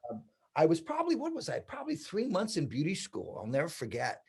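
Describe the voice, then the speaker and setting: A man's voice: a little high, brisk, vocal fry, slightly rough. A man in his sixties from the United States, a veteran hairstylist and educator, telling stories in a casual interview and acting out past conversations. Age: 60s. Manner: lively storyteller who acts out past conversations.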